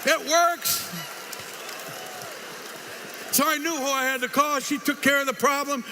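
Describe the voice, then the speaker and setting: An older man giving a live motivational speech, an animated storyteller who acts out quotes and throws in punchy asides. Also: very high-pitched, quick pace, crowd noise, background noise. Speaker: motivational speaker. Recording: hall reverb, faint ambience.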